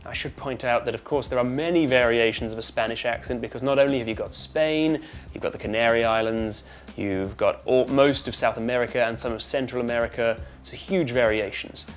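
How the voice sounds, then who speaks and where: A British man, an actor and voice coach, giving a clear instructional accent tutorial and demonstrating sounds. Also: mid-range voice, fairly even intonation, brisk, few pauses, faint music behind.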